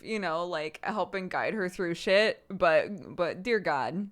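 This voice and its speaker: A woman's voice: on the low side, unhurried, hardly any pauses. A woman in her thirties hosting a live stream, chatting candidly and laughing at herself. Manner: candid and self-mocking, laughs often, acts out loud exasperated outbursts. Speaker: streamer host. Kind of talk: casual chat to a live stream audience.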